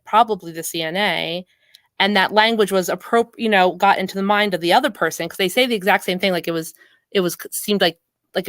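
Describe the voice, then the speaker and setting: A woman's voice: mid-range voice, fairly bright tone, no room sound. Woman hosting a casual panel chat. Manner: thinking aloud, frequent restarts and hedges. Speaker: host.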